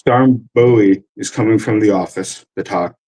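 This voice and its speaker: A man with a New York accent tells his army stories in a rough, profane way, slipping into the voices of the people he quotes. His voice sits a little low. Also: normal speed, poor audio. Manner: profane, animated, acts out quotes. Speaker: army veteran telling stories. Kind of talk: casual storytelling chat.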